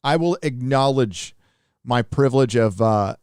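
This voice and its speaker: A man's voice: medium pitch, animated, unhurried, a little mellow, no room sound, studio quality. A middle-aged man from Southern California hosting a casual livestream, reading viewer donations aloud in a rambling, laid-back way with lots of fillers.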